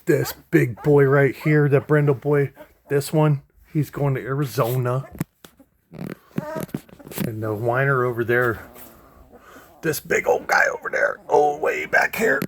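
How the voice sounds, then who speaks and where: A man giving a casual video update on a litter of puppies, talking to them fondly in soft baby talk. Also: mid-range voice, fairly even intonation, a little slow, long pauses, a little hiss or hum. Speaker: dog breeder.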